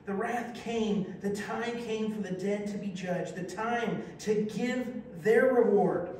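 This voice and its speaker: High-voiced preacher in an echoey hall. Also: male voice, slow, recorded from a distance. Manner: lively, exclamatory, joking with the congregation. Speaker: pastor. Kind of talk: sermon, reading scripture with congregation call-and-response. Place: church sanctuary. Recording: very echoey hall, voice from afar, faint hiss.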